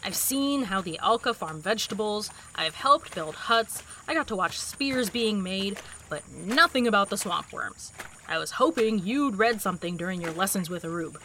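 A woman's voice: medium pitch, lively intonation, moderate pace, sharp tone, slight background noise, rough recording. A woman playing a brash, impatient young explorer who talks bluntly, swears and uses dry sarcasm in an audio drama. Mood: matter-of-fact.

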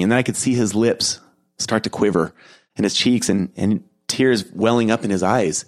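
A middle-aged man hosting a podcast, telling a reflective story in an earnest, gentle way with soft laughs. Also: fairly low pitch, moderate pace. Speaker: podcast host and keynote speaker.

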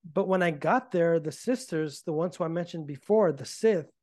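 A man being interviewed, telling his story in a casual, animated way and acting out the arguments he reports. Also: a little high, normal speed, dry recording, clean studio sound. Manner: animated, acts out quoted arguments. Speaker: podcast guest.

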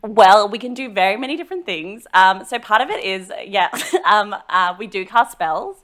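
A woman's voice: mid-range voice, lively intonation, normal speed, a bit bright, natural voice. A woman playing a breezy, gossipy female sea witch. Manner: valley-girl chatter, easily scandalized. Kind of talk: improvised comedy character.

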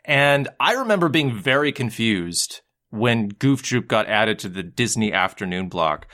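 A man's voice: medium pitch, unhurried. A man co-hosting a casual comedy podcast, telling stories with energy and acting out other people's lines between laughs. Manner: animated storyteller who acts out quotes and laughs often. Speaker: podcast co-host.

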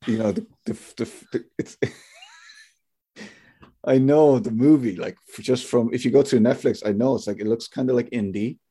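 A man's voice: mid-range voice, moderate pace, mellow, breathy edge. A man hosting a podcast, rambling and joking in casual chat and swearing freely. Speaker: podcast host.

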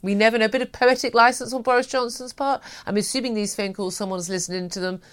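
A woman's voice: a little high, fairly even intonation, fast, clean tone. A woman hosting a morning radio talk show, chatty and opinionated, with many fillers. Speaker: radio host.

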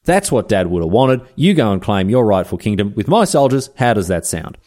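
A man's voice: lowish voice, big pitch swings, brisk, a little mellow. A man doing a wary young Danish king. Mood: matey. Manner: sheepish, matey bargaining.

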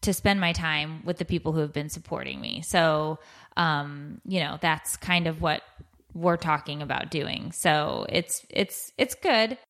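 A woman's voice: deep voice, unhurried, a bit bright. A middle-aged woman hosting a podcast, telling stories in a rambling, casual way with many restarts. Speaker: podcast host. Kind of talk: casual chat.

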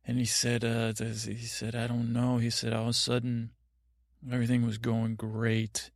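Creaky, flat-voiced man telling a rambling bedtime story. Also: medium pitch, normal speed, no echo, clean studio sound. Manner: meandering, absurd, self-interrupting. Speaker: podcast host.

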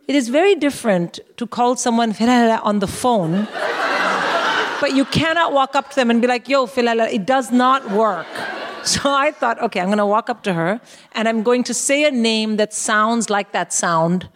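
A woman in her forties co-hosting a live comedy show, telling a wry, animated story and swearing freely on a stage. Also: on the high side, normal speed. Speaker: co-host. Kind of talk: comic storytelling to a live audience.

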